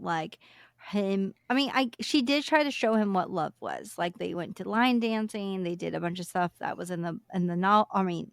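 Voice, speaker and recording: A young woman co-hosting a book podcast, chatting casually and acting out characters in quick asides. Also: lowish voice, vocal fry, dry recording, clean studio sound. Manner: chatty, self-deprecating, acts out characters. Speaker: podcast co-host. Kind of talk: casual book review chat.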